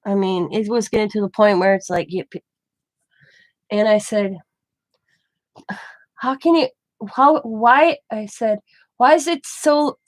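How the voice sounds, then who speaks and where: A woman's voice: fairly high pitch, no echo. Woman telling a rambling story. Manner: rambling, animated retelling with quoted dialogue. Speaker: craft channel host. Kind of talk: casual storytelling.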